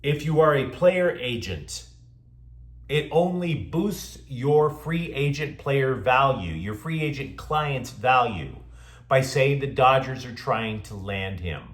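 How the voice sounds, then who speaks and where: A man's voice: medium pitch, lively intonation, takes it slowly, reverberant. A man hosting a sports show, delivering scripted commentary with sarcastic, mocking asides.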